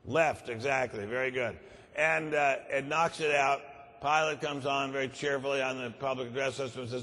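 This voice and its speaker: A man telling jokes at a conference in a dry, unhurried way, with frequent uhs. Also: mid-range voice, steady tone, pushed and bright. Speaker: conference speaker. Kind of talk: stand-up joke telling. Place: large conference hall. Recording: long reverb of a large conference hall.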